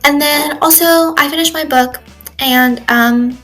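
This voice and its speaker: Faint music plays behind a sixteen-year-old girl, an exchange student, as she keeps a casual video diary in her bedroom at home. She speaks high-pitched and a bit bright at a measured pace, rambling with many "like" and "um" fillers, on a low-quality recording.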